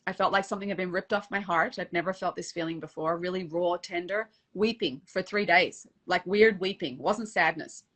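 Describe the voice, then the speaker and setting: Bright-voiced woman telling an emotional story. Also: fairly low pitch, a little fast, few pauses. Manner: emotional, animated retelling with acted-out quotes. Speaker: guest, dating coach. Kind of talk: casual interview storytelling.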